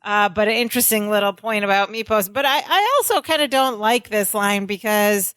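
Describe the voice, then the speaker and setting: A woman's voice: mid-range voice, lively intonation, brisk, fairly bright tone, clean tone, dry recording. Woman casually retelling a sitcom scene. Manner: conversational, laughs often, retells scenes. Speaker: podcast co-host. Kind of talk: casual chat recapping a sitcom episode.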